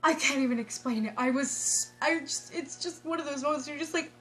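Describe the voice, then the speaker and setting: A woman vlogger telling a story in a casual, excitable way, laughing often and restarting her sentences. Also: high-pitched, a little fast.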